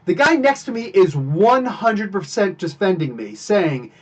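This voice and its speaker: A married man hosting a live podcast, telling a confrontation story in an animated, emphatic way. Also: high voice, a little slow, highs cut off. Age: adult, married. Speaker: podcast host. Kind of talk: casual storytelling on a live stream.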